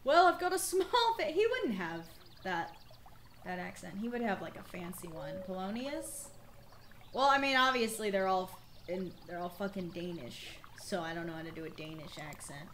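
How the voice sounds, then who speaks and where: A young woman, her voice slightly worn, streams a game and keeps up casual let's-play commentary, chatty, swearing freely and laughing often. Her pitch sits fairly low, with a moderate pace and a bit of brightness. There is slight background noise.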